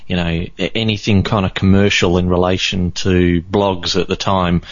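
A man's voice: low voice, flat delivery, normal speed, dry recording. A man with an Australian accent, co-hosting a podcast in casual, rambling chat and swearing freely. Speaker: podcast co-host. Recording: dull dry lo-fi podcast audio.

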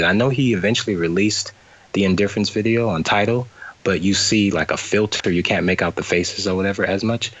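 A man from New Orleans, a guest in an interview, telling a story in lively detail over a remote call that cuts out. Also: deep voice, dull audio. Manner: animated retelling with quoted voices and laughter. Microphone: remote call, cutting out.

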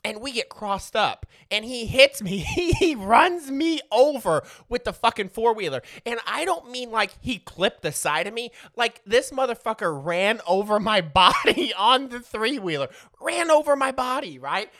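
Man, forties, casual profane storyteller, animated pitch, bright tone, laughs a lot. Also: unhurried, few pauses. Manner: profane, rambling, laughs often.

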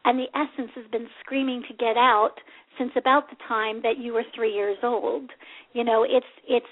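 A woman hosting a reflective spiritual talk show, speaking gently and unhurriedly with many pauses over a phone call. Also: a little high, steady tone. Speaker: spiritual radio show host. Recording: tinny phone line.

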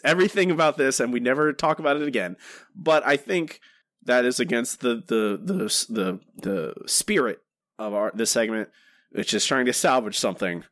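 A man with a mid-range voice co-hosts a podcast. His talk is casual, animated and rambling, full of restarts, and it's captured in a dry, clean studio recording.

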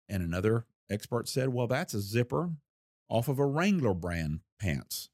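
An older man and former investigator telling a case story in a folksy, unhurried way with a wry edge. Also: mid-range voice, animated, vocal fry, a little mellow, dry recording, clean studio sound. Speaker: retired federal investigator recounting a case. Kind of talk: storytelling interview.

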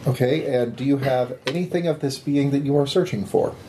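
A man at a tabletop game, speaking in a relaxed, matter-of-fact manner with a mellow, dark tone. A faint noise sits behind the recording. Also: medium pitch, brisk. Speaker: player. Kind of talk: casual tabletop game play.

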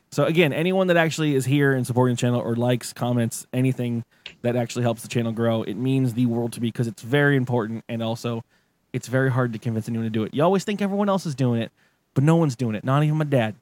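A man's voice: mid-range voice, fast talker, darkish tone. A man hosting a podcast rambles in casual chat, swearing freely and breaking into laughs. His voice sits in a middle register and sounds dry and close, with no room echo. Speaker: podcast host.

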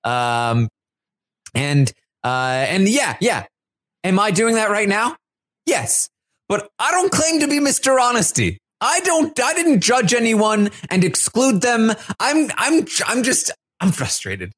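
A podcaster re-enacting a fed-up male reality show contestant who shouts and sputters through restarts, in a high and lively voice. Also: slow, breathy edge, exaggerated voice. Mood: frustrated ranting. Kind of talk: re-enacting a diary room rant.

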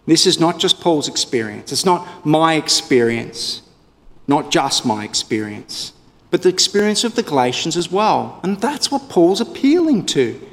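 A man's voice: on the high side, in a large hall. A male pastor preaching a sermon in a conversational way, with wry asides to his congregation.

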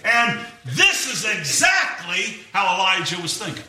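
A middle-aged preacher delivers an emphatic, folksy sermon, his high voice leaping up and down with great animation. His tone is very bright and ringing. He sounds far from the mic, in a very echoey church room. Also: huge pitch swings, normal speed, hardly any pauses, slight background noise.

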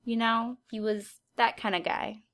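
A woman's voice: on the high side, flat delivery, a little slow, a bit bright. A woman voicing a cruel, condescending teenage girl in a storybook reading, sneering as she talks.

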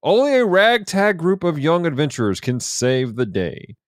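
A man's voice: on the high side, sing-song, no echo, studio quality, pitched above the performer's own voice. A man putting on a hammy mock-Russian reader. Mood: mock dramatic. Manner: slow, drawn-out, hammy dramatic reading. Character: man reading a video box blurb in mock Russian accent. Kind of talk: comic mock-dramatic reading.

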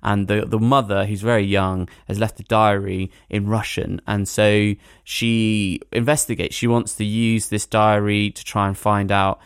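Male podcast host, lowish voice, rambling film reviewer, dry close mic. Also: unhurried, hardly any pauses, clean tone, dry recording. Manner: rambling, animated storytelling with hedging fillers. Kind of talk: casual podcast chat.

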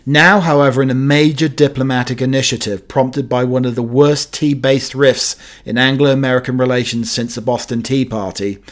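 A man's voice: medium pitch, fairly even intonation, normal speed, hardly any pauses. A British-born man hosting a radio show, chatting in a meandering way with many fillers and playful asides. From Britain.

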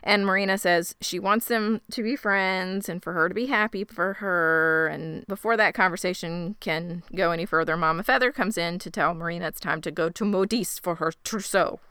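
A woman's voice: lowish voice, normal speed, few pauses, sharp tone, clear, resonant tone, no echo, clean studio sound. A woman co-hosting a casual recap podcast, joking and sarcastic as she retells scenes. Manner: playful, sarcastic, laughs often. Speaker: podcast co-host recapping a TV episode.

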